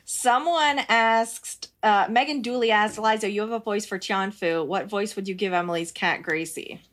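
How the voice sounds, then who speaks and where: A woman co-hosting a podcast, speaking in an earnest, slightly deadpan way. Her voice is of middle pitch and sounds conversational. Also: normal speed. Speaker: podcast co-host. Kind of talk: casual chat.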